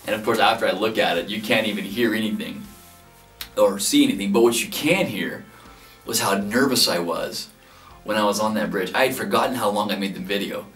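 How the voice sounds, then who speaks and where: A man in his thirties earnestly telling how he proposed, getting animated as he relives his nerves. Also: on the low side, brisk. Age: 30s. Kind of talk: heartfelt interview recollection. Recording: echoey room, distant mic, soft music behind.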